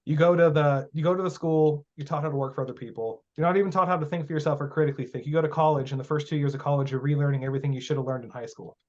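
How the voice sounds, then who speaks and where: A man's voice: fairly high pitch, fairly even intonation, rapid-fire, few pauses, darkish tone. A man talking as a guest teacher of magic in a casual podcast interview, blunt and profane, telling stories with emphasis. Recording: muffled lo-fi audio.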